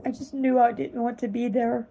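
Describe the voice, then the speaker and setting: A woman earnestly retelling a vivid dream in a slow, halting way, close to tears at times. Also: a little high, flat delivery, warm tone, a little hiss or hum, low-quality recording. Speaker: vlogger telling a dream. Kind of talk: personal storytelling.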